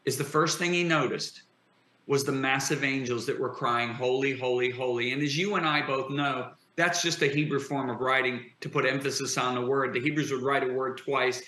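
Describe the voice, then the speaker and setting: A man's voice: medium pitch, fairly even intonation, normal speed, pushed and bright. A man speaking as a guest preacher in an interview, emphatic and building to impassioned declarations. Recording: echoey room.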